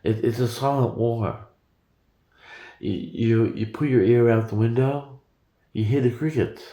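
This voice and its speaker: A man's voice: medium pitch, mellow, roomy sound. A man in his forties talking in a rambling, profane monologue with frequent stammered repetitions. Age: 40s.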